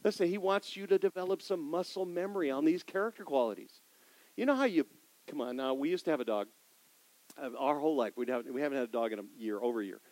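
A middle-aged man preaches a sermon in a church sanctuary, his voice sitting somewhat high for a man. He moves between loud, emphatic lines and quiet asides and keeps asking his listeners questions. The recording is dry and close, with almost no room sound. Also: lively intonation, fast, no room sound, low-quality recording. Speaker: pastor.

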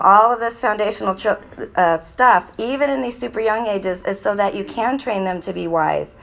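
A woman giving a lively, instructive parenting talk to a live audience of mothers, sometimes mimicking children's voices. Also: mid-range voice, creaky.

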